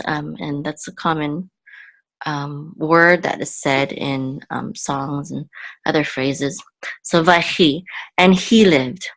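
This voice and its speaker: A woman teaching a reading lesson, patient and careful, often pausing with ums and repeating syllables. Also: sits low, a bit bright. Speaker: Hebrew teacher.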